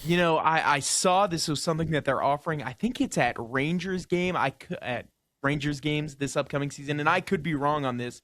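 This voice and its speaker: Sports radio co-host guy, higher voice, dry close sound, asks lotsa questions. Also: a little fast, a bit bright, no echo. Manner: prepared, asks questions, hedges with "I think". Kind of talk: casual sports talk.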